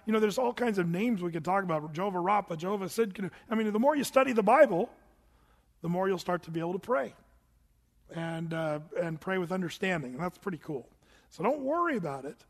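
A man's voice: high-pitched, a little fast. A middle-aged man preaching a sermon in a large church, telling stories and acting out the voices in them. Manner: animated storytelling, acts out voices. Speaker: pastor. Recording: long hall reverb.

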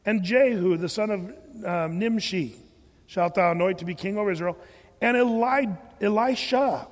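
A man with a high voice preaches a lively sermon, cracking jokes and acting out the voices in the story. His voice carries a long hall reverb. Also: moderate pace. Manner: animated, joking, acts out quoted voices. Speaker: pastor.

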